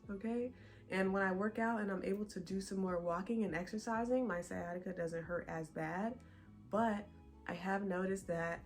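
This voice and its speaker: A young woman vlogger chatting casually to her viewers, a bit out of breath and animated. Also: on the low side. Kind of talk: casual chat to camera.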